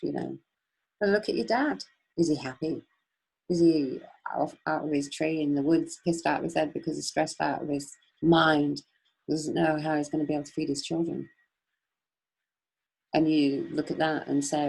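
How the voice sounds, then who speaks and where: Low husky woman giving a talk. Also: fairly even intonation, moderate pace, darkish tone, poor audio. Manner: rambling, emphatic, rhetorical questions. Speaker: webinar speaker. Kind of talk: impassioned off-the-cuff talk.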